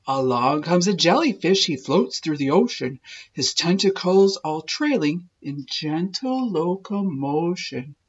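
A woman reading a children's picture book aloud in a slow, sing-song rhyming manner. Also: fairly low pitch, lively intonation, slightly rough, highs cut off. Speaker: storybook reader. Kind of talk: children's read-aloud narration.

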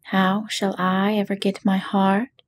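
A woman's voice: mid-range voice, level tone, slow, a little hiss or hum, natural voice. A woman voicing an angry male tin man in whispered role-play. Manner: angry, demanding.

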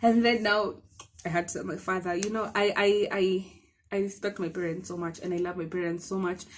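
A young woman with a Kenyan accent, telling a personal story to her viewers in an excitable, chatty way. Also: lowish voice, a little fast. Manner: chatty and excitable, mixing in Swahili, many restarts. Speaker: vlogger. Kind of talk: casual storytelling to camera.

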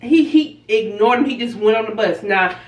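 A woman vlogger casually telling a story, animated, laughing and acting out the people she quotes. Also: a little high, normal speed. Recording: roomy and a bit distant from the mic.

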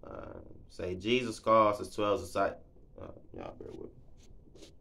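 A man teaching the Bible in a casual, folksy way, laughing often and stumbling over his words in his excitement. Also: on the low side, unhurried, vocal fry. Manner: folksy, conversational. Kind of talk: casual Bible reading and commentary.

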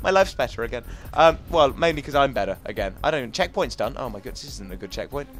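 A man's voice: medium pitch, expressive, quick pace, few pauses, a bit bright, faint music behind. A young English man giving jokey, chatty commentary over a video game, talking to the enemies on screen. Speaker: gaming commentator. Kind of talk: casual let's-play commentary.

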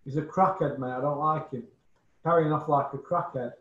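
A man's voice: a little high, steady tone, moderate pace, a bit bright, roomy sound, muffled recording. A man giving blunt, scornful opinions on boxing in casual chat, swearing and repeating insults. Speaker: boxing pundit guest.

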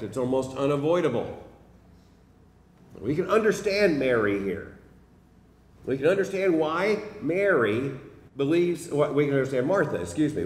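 A middle-aged man preaching a sermon in a seminary chapel, emphatic and driving his points home by repeating phrases. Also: fairly high pitch. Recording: echoey hall from a distance.

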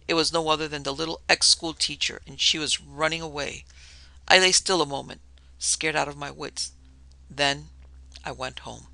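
Bright, gravelly male storyteller. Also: fairly high pitch, no echo. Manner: first-person storyteller voicing dialogue lightly. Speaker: podcast narrator. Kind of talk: scripted narration of a vintage tale.

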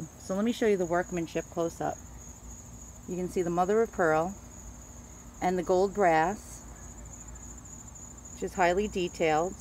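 Unhurried and prone to long pauses, the antique dealer speaks in a lowish, darkish voice with fairly even intonation. She's a middle-aged woman with a Queens, New York accent, casually showing off items and tripping over names, with a little hiss or hum present.

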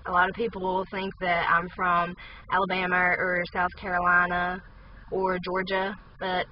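A woman's voice: fairly low pitch, completely flat delivery, normal speed, dull audio, a little hiss or hum. A young woman from southern West Virginia with a strong local accent, chatting casually in a parked car and reading a word list, unsure and full of ums. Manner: unsure, hedging, with many ums. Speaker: vlogger.

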